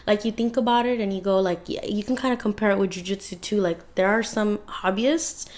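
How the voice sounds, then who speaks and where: A woman's voice: mid-range voice, steady tone, fairly quick, a little mellow. A young woman co-hosting a podcast in casual chat, talking chattily with lots of fillers. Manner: chatty, many "like"s, emotional retelling. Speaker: podcast co-host.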